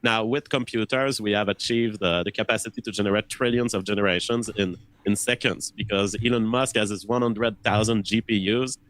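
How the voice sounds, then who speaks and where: A man's voice: on the low side, steady tone, brisk, hardly any pauses, a bit bright, poor audio. A man in a conversation earnestly explaining his ideas, often repeating words as he thinks. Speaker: interview guest.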